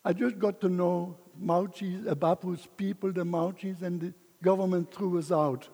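A man's voice: sits high, flat delivery, moderate pace, vocal fry, warm tone, slightly rough, in a large hall. An older man giving an emotional personal testimony as a missionary speaker, chuckling between lines.

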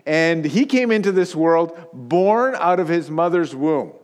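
Pastor guy in his fifties, fairly high voice, chatty sermon style, keeps asking "okay?". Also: animated, a little slow. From Pakistan. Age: 50s. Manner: storytelling, laughs often, checks in with "okay?".

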